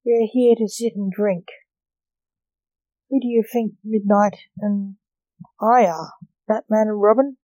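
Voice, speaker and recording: A gruff, short-tempered man, read by a woman, clipped and snappish. The tone is warm and low-key, with slow, deliberate delivery and a dry close sound. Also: fairly even intonation, dry recording, muffled recording, close to an everyday voice. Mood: curt. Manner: curt, snappish.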